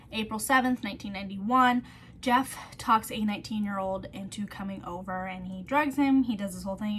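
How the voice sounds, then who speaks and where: A woman's voice: mid-range voice, a bit bright, a little hiss or hum. A woman vlogger telling a true-crime story in a chatty way, full of "like", who drops to a whisper on the grim details.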